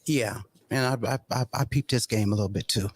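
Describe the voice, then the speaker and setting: A woman's voice: a bass voice, a little fast, no echo. A woman hosting a casual commentary show, reading out court testimony and reacting with sassy asides. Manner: animated, sassy, acts out quotes with colloquial asides.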